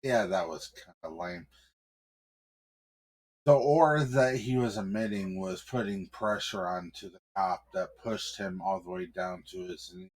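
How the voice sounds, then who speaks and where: A man telling an improvised story in a casual, halting way, with many ums and restarts. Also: deep voice. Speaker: streamer and storyteller.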